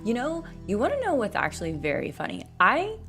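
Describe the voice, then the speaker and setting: A young woman streaming a game, chatting casually and rambling with lots of fillers and restarts, speaking into a desk mic on a boom arm. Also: huge pitch swings, brisk, a bit bright. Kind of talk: casual gaming stream chat. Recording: game music playing clearly behind.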